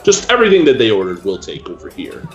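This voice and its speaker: Lively-voiced male tabletop player. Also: lowish voice, fast talker, soft background music. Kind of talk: casual tabletop game chat.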